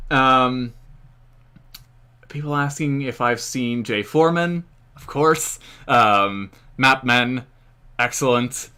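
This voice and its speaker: An American man rambles through a relaxed live-stream Q&A, leaning on fillers and small chuckles. His voice is bright and forward, with a smooth, clean tone. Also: mid-range voice, takes it slowly. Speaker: history channel host. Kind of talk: casual live-stream Q&A chat.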